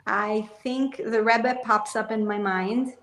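A woman's voice: a little high, steady tone, slow pace, a bit bright. Earnest, talkative woman in an echoey room. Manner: earnest, talkative, often laughing. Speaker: interview guest, business owner. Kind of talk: casual interview chat.

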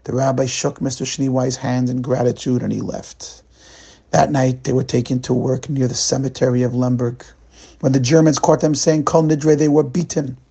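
A gravelly, husky male rabbi tells a weekly sermon story at a slow, dramatic pace. His voice is dark and mellow. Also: medium pitch, flat delivery.

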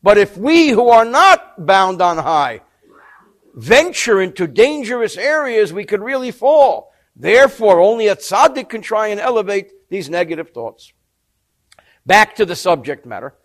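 A man with a high-pitched voice leads a class on a sacred text. He tells stories with energy and translates each Hebrew or Yiddish phrase into plain English. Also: unhurried. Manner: lively storyteller, mixes Hebrew and Yiddish terms with English translation. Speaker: Torah teacher. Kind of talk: storytelling lecture on a sacred text.

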